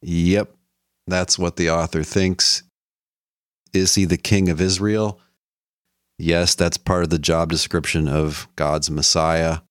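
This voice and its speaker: Deep-voiced man lecturing in a dry room. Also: level tone, takes it slowly, pauses often, smooth, no echo. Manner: conversational teaching, quoting scripture with a lifted voice. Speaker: lecturer on the Bible. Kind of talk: explanatory lecture.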